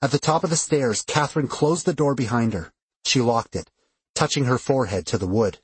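A man narrating first-person fiction in a steady, expressive way on a close studio microphone. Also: mid-range voice, fairly quick, breathy edge, no room sound. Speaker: audiobook narrator.

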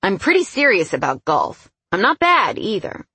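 A woman's voice: mid-range voice, huge pitch swings, normal speed, bright, forceful tone, breathy edge, dry recording, full character voice. A sulky, guarded young man with a bitter, grudging edge to every line, as a woman reads him. He sounds close and dry, with no room around him. It comes across as a plain audiobook performance.

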